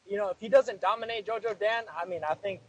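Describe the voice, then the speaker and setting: High-voiced, blunt, swearing man. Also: steady tone, fast talker, a crowd in the background, low-quality recording. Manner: blunt, profane. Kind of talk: casual chat.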